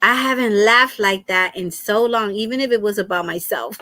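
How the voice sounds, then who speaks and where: A middle-aged woman hosting a crafting livestream, telling a story to her viewers in a casual, animated way, laughing often and repeating herself. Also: medium pitch, normal speed, hardly any pauses, no echo. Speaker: crafting channel host.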